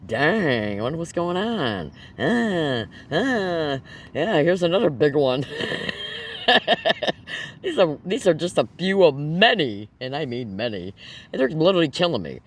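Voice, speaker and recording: A man's voice: fairly high pitch, big pitch swings, moderate pace, slight background noise. A man vlogging straight to camera in an agitated, emphatic way, firing rhetorical questions at viewers. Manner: agitated, nervous laughter. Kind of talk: direct-to-camera monologue.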